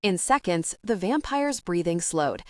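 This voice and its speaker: A woman narrating a fantasy audiobook in a steady, even storytelling voice on a close mic. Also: lowish voice, a little slow, dry recording. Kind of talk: scripted narration.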